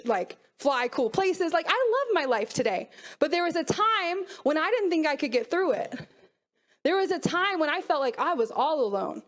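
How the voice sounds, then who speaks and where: A woman in her thirties giving an earnest motivational talk to young athletes, telling her own story and acting out the voices in her head. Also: fairly high pitch. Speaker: mental performance speaker.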